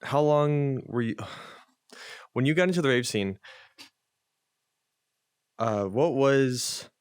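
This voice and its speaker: A man's voice: medium pitch, expressive, slow pace, smooth, no room sound. A man with a mid-range voice hosts a casual podcast, reacting eagerly and drifting into chatty asides. The sound is dry and close-miked. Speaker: podcast host.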